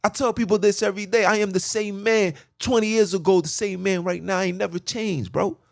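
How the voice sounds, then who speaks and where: A man with a notably high voice delivers a fervent, preachy rant while sitting in a car. He sounds agitated and keeps repeating himself for emphasis. The sound is close and dry, with almost no room echo. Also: fairly even intonation, brisk, creaky. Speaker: podcast host. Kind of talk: impassioned rant.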